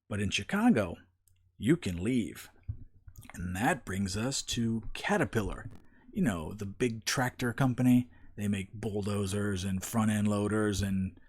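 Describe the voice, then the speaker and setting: A man's voice: on the low side, slightly rough. A man giving opinion commentary, telling a parable in a folksy, emphatic storytelling manner.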